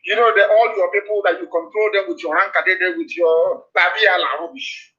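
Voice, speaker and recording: A man's voice: sits high, fairly even intonation, normal speed. A man giving a fiery live radio address, hammering out repeated warnings. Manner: forceful, repetitive warnings. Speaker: political broadcaster. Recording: dull lo-fi broadcast audio.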